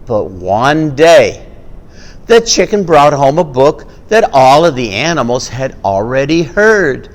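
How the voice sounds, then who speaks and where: Slow animated male storyteller. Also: medium pitch, big-room sound. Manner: animated, acts out animal sounds. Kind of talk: family storytelling with puppets.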